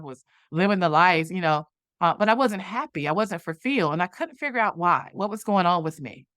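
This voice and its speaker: A woman's voice: lowish voice, fairly bright tone, smooth, no room sound, clean studio sound. A woman interview guest telling a personal story, animatedly acting out the dialogue from it. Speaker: guest, movement founder.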